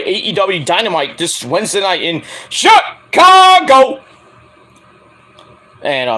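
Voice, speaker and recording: A man's voice: high voice, sharp tone. A man giving a rambling, joking casual livestream review of a wrestling show.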